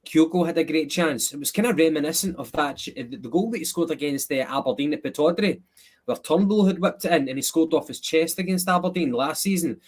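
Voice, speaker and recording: A man with a Scottish accent hosting a football match review podcast, measured and a little hesitant. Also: on the high side. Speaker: podcast host.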